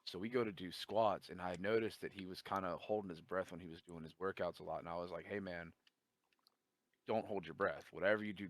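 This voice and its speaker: A deep-voiced man tells a long story in casual conversation, swearing heavily and animatedly acting out the quoted dialogue. There's no echo.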